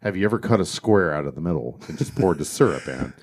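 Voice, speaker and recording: Older guy, really low voice, laid back talking about food spots. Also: lively intonation, quick pace, slightly rough. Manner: restarts, tells food recommendations. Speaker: podcast co-host. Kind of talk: casual storytelling chat.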